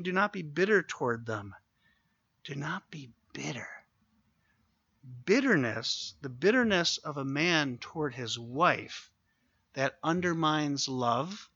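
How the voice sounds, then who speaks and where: A male pastor delivers an earnest sermon in a fairly high, bright and sharp voice. He exhorts his listeners and slows down to stress key points. The recording is dry and a little dull. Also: no room sound.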